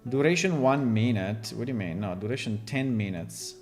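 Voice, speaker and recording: A man's voice: medium pitch, lively intonation, moderate pace, soft background music. A man from Italy with an Italian accent, rambling and joking with his chat in a casual live stream while he works on a game.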